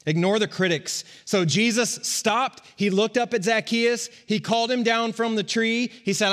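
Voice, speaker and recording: Conversational pastor with hall echo. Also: male voice, a little high. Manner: conversational, joking with the congregation. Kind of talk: sermon.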